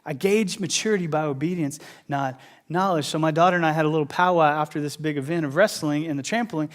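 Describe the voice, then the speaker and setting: A man in his thirties preaching a sermon as pastor, telling animated, conversational stories. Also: on the high side, fast talker.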